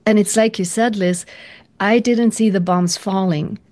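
A woman's voice: mid-range voice, fairly even intonation, a little slow, a little mellow. Earnest woman guest, reflective and searching, often restarts. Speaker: interview guest, practitioner. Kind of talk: reflective interview talk.

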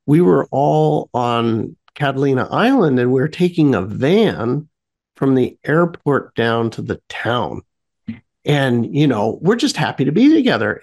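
Man with a gravelly voice; casual rambling storyteller on a radio talk show, lots of fillers and restarts, pitch swinging widely. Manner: animated when telling the fun parts.

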